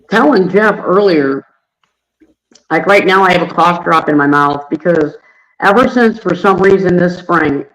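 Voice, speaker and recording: Guy hosting a fish hobby stream, voice gone hoarse and raspy, kinda high pitched, chatty and friendly. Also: fairly bright tone, rough recording. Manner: friendly, greets chat viewers by name. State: hoarse from allergies. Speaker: livestream host. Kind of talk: casual livestream chat.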